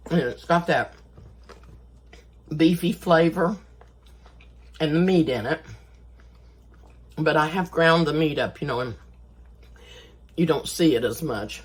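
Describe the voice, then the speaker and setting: An older woman hosts a cooking channel, giving a casual home cooking demonstration in a homey, chatty way while eating as she talks. Her voice sits low, her pace is slow with long pauses, and the recording is rough.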